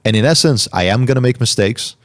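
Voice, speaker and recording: A man hosting a podcast, answering listener questions in a calm, reflective way and articulating each word carefully. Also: mid-range voice, fairly quick. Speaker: podcast host. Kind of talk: solo Q&A talk.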